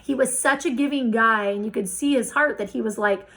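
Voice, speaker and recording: Gravelly-voiced woman telling a lively story. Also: a little high, brisk, rough recording. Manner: animated storyteller acting out quoted dialogue. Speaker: real estate investor guest. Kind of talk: storytelling in a casual interview.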